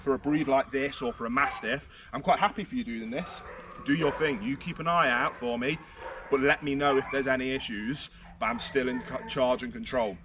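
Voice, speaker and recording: A British man working as a dog trainer, explaining his methods while giving firm short commands and high praise to a dog outdoors. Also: normal speed. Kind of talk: outdoor training demonstration with commentary. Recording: distant outdoor mic with heavy noise.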